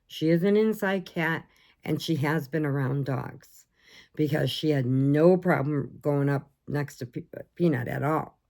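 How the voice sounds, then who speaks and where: A woman chatting casually on her own channel, ranting in an animated way and acting out voices for her pets. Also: deep voice, measured pace, vocal fry. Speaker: vlogger.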